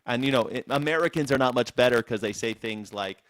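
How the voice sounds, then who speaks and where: A man's voice: medium pitch, a little fast, fairly bright tone, no echo. Rambling, playful male show host. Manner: rambling, playful, with many restarts. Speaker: host of a call-in news reaction show. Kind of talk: casual live-stream chat. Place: seated indoors.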